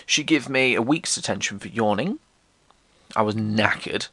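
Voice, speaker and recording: This podcast host's voice is animated and sharp at a normal speed, recorded dry. He spins funny, self-deprecating tales about himself with plenty of swearing, voicing what others said in jumpy pitch.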